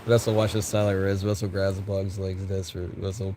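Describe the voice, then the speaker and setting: Giggly, rambling man with a low voice. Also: flat delivery, a little fast, warm tone, a little hiss or hum. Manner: giggly, rambling, lots of restarts. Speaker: content creator. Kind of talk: rambling fan talk about characters.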